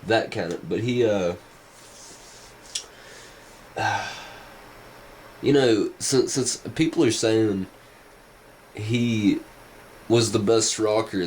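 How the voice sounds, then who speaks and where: A man's voice: on the low side, darkish tone, slight background noise, rough recording. A man vlogging casual rambling commentary, hesitant and full of restarts. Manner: hesitant, many fillers and restarts.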